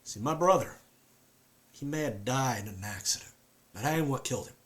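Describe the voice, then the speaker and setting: A man's voice: mid-range voice, lively intonation, a little fast, fairly bright tone, lightly acted. A man putting on a haunted Southern storyteller. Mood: grim, haunted. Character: grieving rural Southern man, weary and haunted. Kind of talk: dramatic monologue storytelling.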